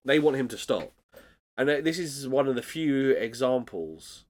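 A man's voice: medium pitch, lively intonation, moderate pace, a little mellow. A man chatting casually as a podcast co-host, recapping an episode with frequent laughs and restarts.

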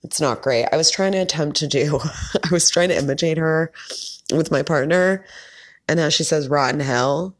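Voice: mid-range voice, moderate pace. A podcast host talking casually on their own, chatty and opinionated, with lots of filler words. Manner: opinionated, candid. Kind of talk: casual solo commentary.

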